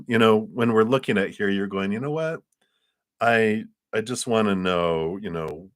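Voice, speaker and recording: A man's voice: sits low, fairly bright tone. A man giving a casual, upbeat and reassuring tarot reading on a livestream, a little drowsy and yawning. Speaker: tarot reader.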